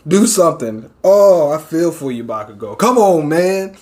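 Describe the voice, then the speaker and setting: A man hosting a casual comic-reaction talk, excitable and quick to swear and shout his reactions. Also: a little high. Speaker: manga reaction host.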